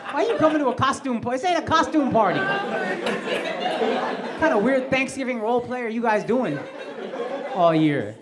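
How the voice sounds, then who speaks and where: A man's voice: very high-pitched, animated, brisk, long pauses. A male stand-up comedian doing crowd work on a club stage, brash and profane as he mocks people in the audience. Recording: loud crowd laughter, noisy live club.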